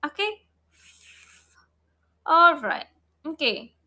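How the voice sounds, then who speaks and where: A woman's voice: high-pitched, very animated, extremely slow, bright, forceful tone. A woman teaching phonics online, repeating each sound over and over and checking in with the learner. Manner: models mouth shape and breath for learners.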